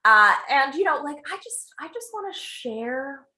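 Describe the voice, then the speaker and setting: A woman playing an ancient, lonely swamp witch in an improv comedy sketch on a video call, with wild swoops in pitch and volume. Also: very animated, a little slow, full character voice, low-quality recording. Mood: eager. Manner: swoops wildly in pitch and loudness, stretches words.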